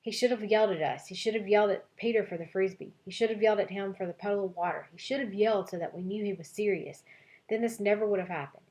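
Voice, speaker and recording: A woman teacher giving an expressive read-aloud of a children's novel for her class, voicing several child narrators. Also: mid-range voice, quick pace.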